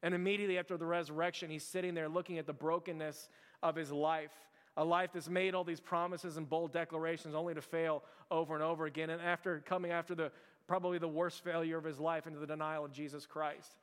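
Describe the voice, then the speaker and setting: A man's voice: on the high side, little pitch movement, fast, smooth, long reverb tail. A man preaching to his church in a casual, chatty sermon, full of "like" and restarts. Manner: chatty, heavy use of "like" and restarts. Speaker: pastor. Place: church sanctuary.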